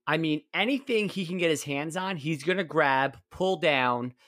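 A man's voice: fairly high pitch, moderate pace, no echo. Rambling man on a dry, close mic. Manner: rambling, restarts often, relaxed. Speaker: podcast co-host. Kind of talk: casual sports podcast chat.

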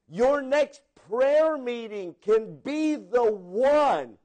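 Man, preacher, sermon, high voice, unhurried delivery, repeats himself. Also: darkish tone. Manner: rambling, repeats words, mimics people for humor. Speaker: pastor.

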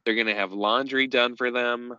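A man co-hosting a podcast, recapping a show in casual chat with dry, deadpan humor. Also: mid-range voice, moderate pace, clear, resonant tone, no echo, dull audio. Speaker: podcast co-host. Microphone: podcast microphone.

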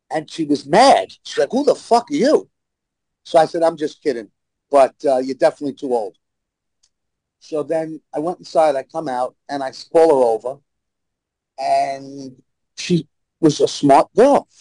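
A man with a New York accent tells brash, blunt stories in a loose, casual way. His voice sits a little high but sounds dark and mellow. The sound is close and dry. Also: no echo, poor audio. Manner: brash, blunt anecdotal storyteller. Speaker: guest. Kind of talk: casual storytelling.

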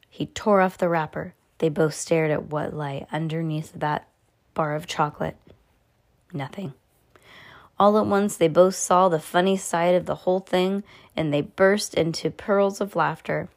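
A woman's voice: low voice, steady tone, a little slow. A woman hosting a podcast, reading a children's book aloud with chatty, playful asides to a child. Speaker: podcast host reading to kids.

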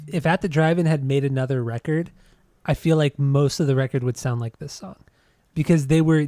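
A man's voice: mid-range voice, mellow, no echo. A man co-hosting a podcast, rambling and swearing in casual chat about music. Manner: rambling, profane, with frequent restarts. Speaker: podcast co-host.

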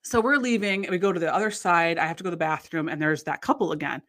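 A woman casually telling a long anecdote in conversation. She rambles with restarts and acts out the people in her story with big jumps in pitch. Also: fast, a bit bright, a little hiss or hum. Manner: rambling, many restarts and fillers.

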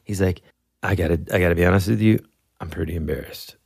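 A man casually telling a funny story, laughing often and acting out shouted lines. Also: low voice, fast talker, vocal fry, husky, no room sound, clean studio sound. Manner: animated, laughs often, acts out yells.

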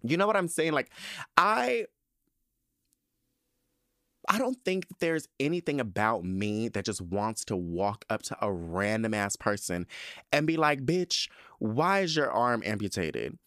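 A man's voice: on the low side, sing-song, a little slow, pauses often, a bit bright, clean tone, dry recording, clean studio sound. A man hosting a podcast, ranting in a casual, sassy and profane way with lots of emphasis. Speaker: podcast host.

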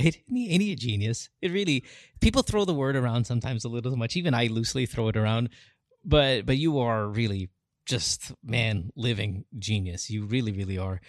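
A man's voice: mid-range voice, no echo, studio quality. A man hosting a podcast, talking in an earnest, rambling way with many restarts. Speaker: podcast host. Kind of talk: casual heartfelt conversation.

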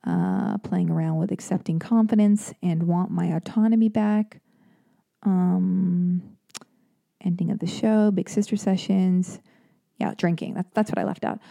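A woman's voice: lowish voice, fairly even intonation, unhurried, creaky, warm tone, dry recording, clean studio sound. A woman hosting a podcast, talking casually in a rambling, self-deprecating way with lots of fillers and joking asides. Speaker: podcast host. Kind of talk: casual personal monologue.

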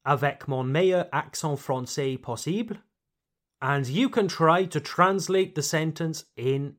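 Slow, animated male English teacher. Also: on the high side. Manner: slow, deliberate, repeats words for learners. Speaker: English teacher and podcast host. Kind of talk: bilingual vocabulary lesson.

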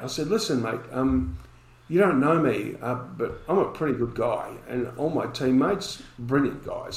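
A man's voice: mid-range voice, reverberant, poor audio. A man, a podcast guest telling a story and acting out the dialogue in it.

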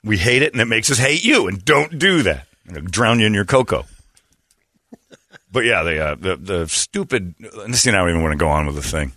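A man's voice: fairly low pitch, big pitch swings, fairly quick, sharp tone, dry recording. A man hosting a talk show, telling a comic story in a rambling, self-interrupting way and laughing at his own jokes. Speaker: radio show host. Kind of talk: comedic storytelling banter.

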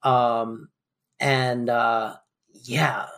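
A man co-hosting a podcast and talking through a sitcom episode. He rambles loosely and fills his speech with "like" and "um". His voice sits at a middling pitch. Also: flat delivery, very slow, creaky, a bit bright. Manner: loose and rambling, lots of fillers like "like" and "um". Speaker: podcast co-host. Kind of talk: casual chat recapping a sitcom episode.

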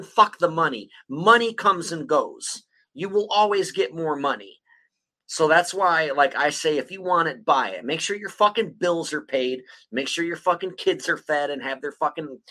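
Bright-voiced man rambling with constant swearing. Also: fairly high pitch, rough recording. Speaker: podcast host. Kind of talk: casual profane chat.

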